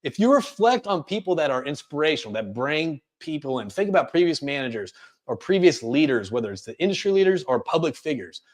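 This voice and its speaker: Male career coach running a webinar; quick, energetic, self-correcting delivery. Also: fairly high pitch. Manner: fast, energetic delivery with many restarts. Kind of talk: webinar talk.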